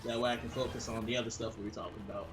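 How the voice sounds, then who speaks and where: This gaming channel co-host talks very fast in a lowish voice with fairly even intonation, keeping the chat casual and animated while the game streams. He keeps dropping into put-on accents and voices. Background noise, room echo and loud game music fill the recording.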